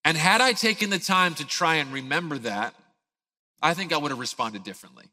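A man in his thirties, a pastor giving a sermon, telling a family story in an animated way and acting out the scenes. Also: a little high, a little fast, big-room sound.

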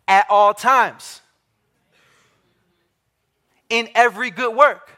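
A man preaching a sermon to his congregation, emphatic, repeating key phrases and slowing down to stress them, often asking the listeners direct questions. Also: high-pitched, bright, forceful tone. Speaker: pastor.

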